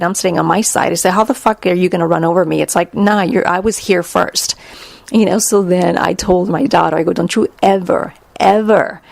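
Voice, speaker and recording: Blunt, gravelly-voiced woman telling a story. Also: lowish voice, dry recording. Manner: blunt and profane, quotes herself and others in lively bursts. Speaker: podcast host. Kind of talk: casual storytelling monologue.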